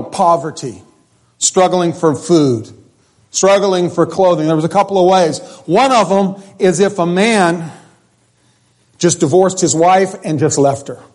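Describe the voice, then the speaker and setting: A man's voice: sits high, darkish tone. A middle-aged man, a pastor, preaching a sermon in a conversational, joking way that repeats phrases.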